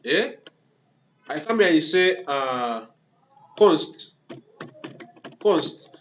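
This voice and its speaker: A man's voice: a little high, animated, extremely slow, a bit bright. A man teaching a coding lesson, talking through each step as he types, repeating words and checking in with "okay?" and "yeah?" again and again. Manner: talks through typing step by step, restarts words. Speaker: coding instructor. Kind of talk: screen-recorded coding tutorial. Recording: dull lo-fi recording with faint hiss.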